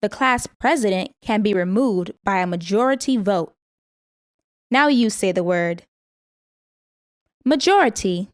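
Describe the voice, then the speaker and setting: A woman reading a vocabulary lesson, saying each word, its part of speech, its meaning and an example sentence, and pausing for the listener to repeat it. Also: medium pitch, lively intonation, dry recording, clean studio sound. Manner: slow, careful word-by-word pronunciation. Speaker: vocabulary teacher.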